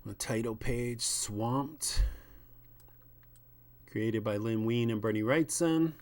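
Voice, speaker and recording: A man reading aloud from a comic and commenting on it in a slow, musing way. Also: mid-range voice, darkish tone. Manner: slow, musing, with ums and asides. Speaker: comics reviewer.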